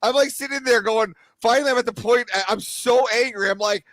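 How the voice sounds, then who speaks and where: Excitable guy, high voice, dry close mic, swears and stammers. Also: brisk, no room sound. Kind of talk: casual chat.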